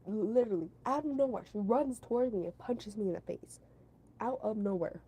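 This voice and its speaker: A woman's voice: medium pitch, moderate pace, mellow, husky, low-quality recording. A woman casually telling a story to her stream chat, rambling, repeating herself and padding her talk with fillers. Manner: talks to her chat between story parts.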